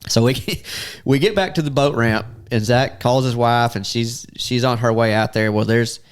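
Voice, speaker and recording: A man's voice: moderate pace, clear, resonant tone. A man telling a hunting story casually on a podcast, acting out what people said. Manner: animated, acts out quotes with sudden high-pitched outbursts.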